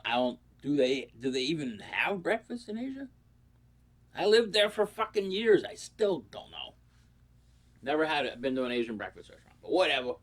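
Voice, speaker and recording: A man rambling through crude, profane comic stories in a casual vlog. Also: medium pitch. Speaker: comedy vlogger.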